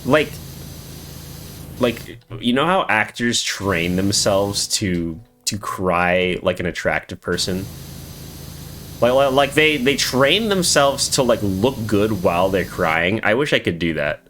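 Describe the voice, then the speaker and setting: A man's voice: lowish voice, expressive, takes it slowly, a bit bright, a little hiss or hum. A man streaming live, chatting casually with viewers in a rambling, swearing way with lots of filler words.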